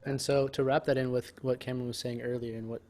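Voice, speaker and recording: A man's voice: medium pitch, little pitch movement, quick pace, darkish tone, slight background noise. A man co-hosting a casual self-improvement podcast, talking in a rambling, emphatic way and swearing freely. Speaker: podcast co-host.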